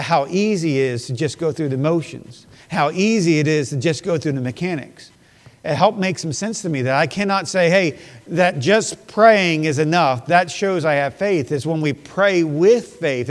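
A male pastor preaching a sermon, building to emphatic bursts and repeating key phrases. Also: high-pitched. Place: church sanctuary. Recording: long reverb of a church hall.

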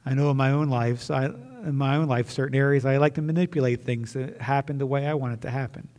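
An earnest pastor preaches and prays, circling back to the same phrases as he goes. His voice sits at an ordinary middle pitch for a man. A long reverb from the church sanctuary trails behind his words. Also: steady tone, quick pace, a little mellow. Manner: earnest, repetitive preaching with restarts. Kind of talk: sermon and closing prayer.

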